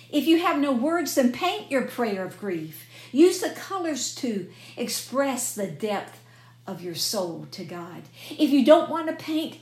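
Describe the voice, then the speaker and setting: An older woman, a former hospice chaplain, giving a devotional talk on grief and reading scripture passages with feeling in a gentle, measured way. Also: mid-range voice. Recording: roomy echo.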